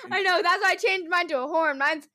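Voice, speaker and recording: Giggly high-voiced woman co-host. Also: a little fast, pushed and bright. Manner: giggly, playful, talks back. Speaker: podcast co-host. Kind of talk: casual chat.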